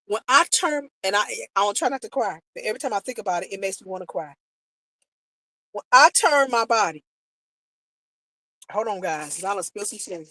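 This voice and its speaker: A woman's voice: on the high side, no room sound, low-quality recording. An American woman vlogger telling a personal travel story to her viewers in a casual, emotional way, acting out what people said. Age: adult, married. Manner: emotional, animated retelling, quotes people, talks to viewers directly.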